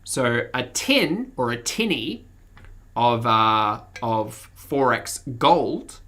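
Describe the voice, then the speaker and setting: A woman's voice: a bass voice, animated, extremely slow, fairly bright tone. An Australian woman with a mild accent, chatting casually with her livestream audience and laughing often as she reads the chat. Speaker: streamer.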